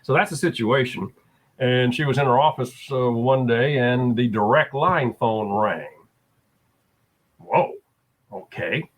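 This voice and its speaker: A man speaking in a voice of middle pitch, neither high nor low. He tells a story in a relaxed, conversational way, pausing with frequent fillers as he goes. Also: poor audio. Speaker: guest. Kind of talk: casual conversation.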